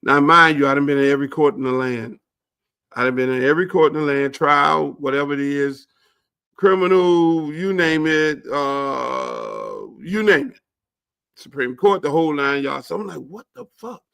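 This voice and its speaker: A man hosting his show, telling a story in a casual, animated, profane way. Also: fairly high pitch, normal speed, creaky, smooth. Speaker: show host.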